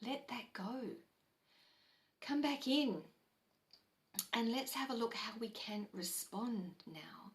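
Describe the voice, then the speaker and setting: Slow, gentle spiritual teacher, a woman. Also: fairly high pitch, expressive. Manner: slow, gentle, soothing, with soft sighs; repeats key phrases for emphasis. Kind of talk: live spiritual teaching talk.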